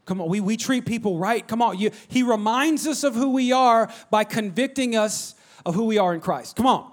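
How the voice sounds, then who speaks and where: A man preaching a sermon, animated, swinging from loud calls to soft near-whispers and prompting the congregation. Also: high-pitched, normal speed. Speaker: pastor.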